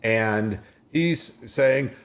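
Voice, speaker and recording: A sports radio host in casual talk, retelling games play by play like a storyteller. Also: male voice, fairly low pitch, drawn-out words.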